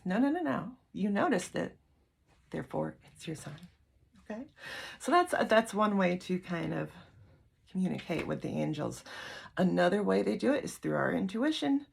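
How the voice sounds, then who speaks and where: Gravelly-voiced woman giving a spiritual talk. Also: lowish voice, expressive, normal speed. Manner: chatty, reassuring, acts out inner voices. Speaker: spiritual teacher. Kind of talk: casual talk to camera.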